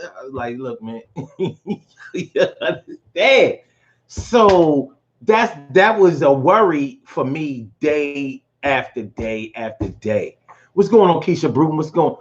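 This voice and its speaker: A man's voice: fairly high pitch, muffled recording. A man hosting a casual live show, telling personal stories with lots of profanity and feeling. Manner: animated storytelling, profane and emotional. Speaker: host. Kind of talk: casual live-stream talk.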